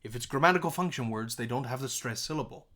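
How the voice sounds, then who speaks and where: Male music teacher, mid-pitched voice, animated and emphatic as he explains songwriting. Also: fast. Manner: animated, emphatic speaking of example lines; restarts and self-corrections while explaining. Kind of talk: songwriting lesson.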